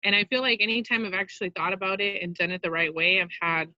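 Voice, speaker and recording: A woman with a medium-pitched, bright, forceful voice talks fast as she runs an informal training session for her sales team. She's chatty and upbeat, full of fillers and "you guys." It comes through dull, lo-fi video call audio with no room sound.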